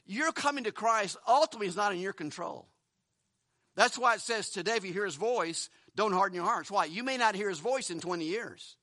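A man's voice: high voice, bright, forceful tone, no room sound. A pastor preaching a sermon in a church, earnest and pleading, often repeating words as he restarts. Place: church building.

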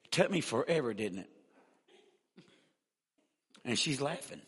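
A male evangelist telling a humorous story in a sermon, folksy and animated. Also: mid-range voice, measured pace, slightly rough. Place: church. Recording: echoey church hall.

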